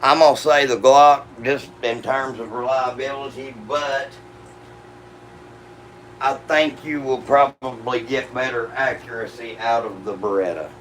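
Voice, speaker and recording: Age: adult. Sex: man. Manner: slow, laid-back, profane. Style: casual livestream chat. Behind: faint hum. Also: medium pitch, fairly even intonation, a bit bright, rough recording. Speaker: gun channel host answering live chat.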